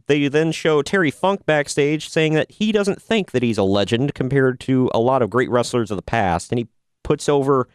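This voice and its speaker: Smooth-voiced man in a casual review chat. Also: mid-range voice, no room sound, studio quality. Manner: casual, jokey, sarcastic asides. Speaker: podcast host reviewing wrestling.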